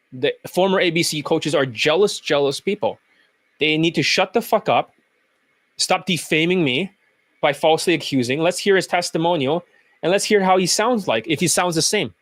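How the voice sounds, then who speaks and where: A dating coach ranting angrily and swearing while commenting on video clips. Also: male voice, a little high, a bit bright, no room sound. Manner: profane, ranting, combative. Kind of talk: angry commentary over clips.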